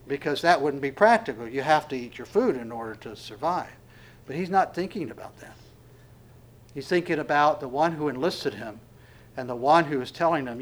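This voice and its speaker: A man preaching a sermon in an earnest way, slowing to stress key words, swelling to emphatic calls and falling to a hush. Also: fairly high pitch. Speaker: pastor.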